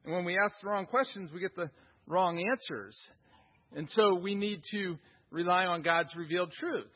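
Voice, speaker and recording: A man's voice: high voice, normal speed, highs cut off. A man preaching a sermon as pastor, earnest and repeating phrases for emphasis. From United States.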